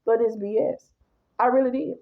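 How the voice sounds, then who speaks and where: A woman telling a personal story in a blunt, animated, casual way, talking straight to her viewers. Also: fairly high pitch, normal speed, gravelly, narrow, tinny audio.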